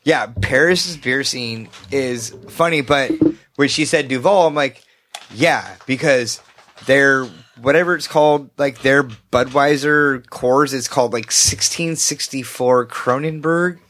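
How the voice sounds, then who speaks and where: A man's voice: medium pitch, measured pace, fairly bright tone. A man co-hosting a podcast, telling a story loosely with plenty of swearing. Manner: loose and profane, quotes himself in raised voice. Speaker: podcast co-host. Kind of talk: casual chat, telling a story.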